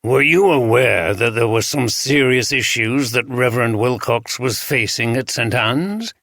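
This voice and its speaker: A man voicing a calm, direct chief inspector with a Northern English accent. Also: medium pitch, measured pace, no room sound, clean studio sound. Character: steady, unintimidated northern male chief inspector.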